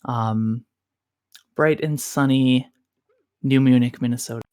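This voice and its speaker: A marathon commentator putting on a calm, measured public radio announcer voice to read the morning weather. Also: mid-range voice, smooth, no room sound, studio quality, close to an everyday voice. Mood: soothing.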